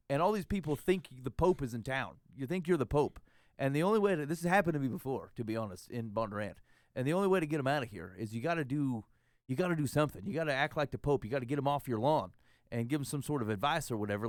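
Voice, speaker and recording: A man's voice: fairly high pitch, no room sound, clean studio sound. A man telling a long, rambling, self-deprecating tall tale in casual podcast chat. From Iowa. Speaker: podcast host.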